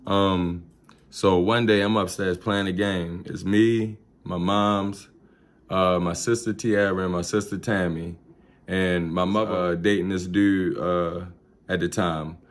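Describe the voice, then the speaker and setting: Animated man telling a story. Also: low-pitched, a little slow. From Baltimore. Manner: animated, profane, slangy, with sound effects. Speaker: vlogger. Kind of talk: storytime vlog.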